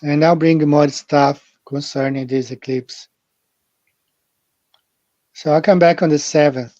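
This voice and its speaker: Man host, live-stream chat, unhurried, repetitive, mellow voice, dry muffled audio. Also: fairly high pitch, dry recording. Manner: rambling, repeats phrases, addresses viewers directly. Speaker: livestream host. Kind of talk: casual live-stream talk.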